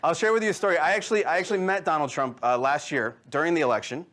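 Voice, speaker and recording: A man's voice: a little high, rapid-fire, a bit bright. A man in his thirties doing a stand-up comedy set before a live audience, telling stories with quoted voices and asides to the crowd. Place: live venue with audience laughter.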